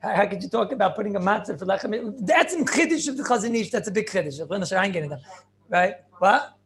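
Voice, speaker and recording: Rambling, joking rabbi teaching a class. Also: male voice, high voice. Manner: rambling, joking, asks the class questions, many fillers. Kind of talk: informal Torah class.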